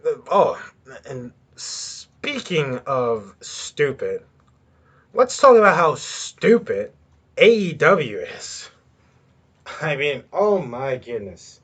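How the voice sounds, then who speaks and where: A man hosting a podcast on his own, ranting in a rambling way with lots of swearing and filler words. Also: mid-range voice. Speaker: podcast host. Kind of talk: solo ranting commentary.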